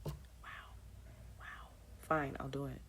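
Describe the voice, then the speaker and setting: A woman's voice: very deep voice, level tone, slow pace, fairly bright tone, in a whisper. A woman playing a trivia app, reading the questions aloud and muttering casual commentary to herself as she plays.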